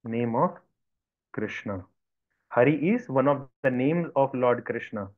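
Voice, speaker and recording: This man speaks in a mid-range voice without hurrying, teaching a devotional lesson by way of a story. He brings it to life by acting out the villagers' voices, and the audio has the dull, low-fidelity sound of a video call.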